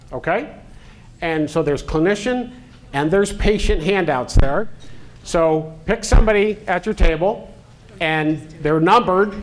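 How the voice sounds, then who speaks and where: A man, a physician, presenting a medical education talk to clinicians in a joking, halting way with fillers. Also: high voice.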